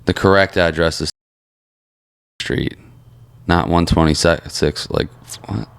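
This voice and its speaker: A young man with a very low voice trades stories in a relaxed podcast chat. He swears constantly and laughs his way through what he is telling. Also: slow, smooth. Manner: laid-back, profane, laughs through stories. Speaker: podcast co-host. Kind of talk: casual chat.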